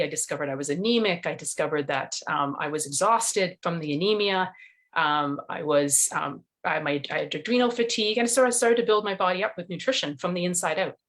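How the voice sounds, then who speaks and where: A woman's voice: lowish voice, a bit bright. A middle-aged woman, a nutrition coach, telling her story earnestly in an interview over a video call.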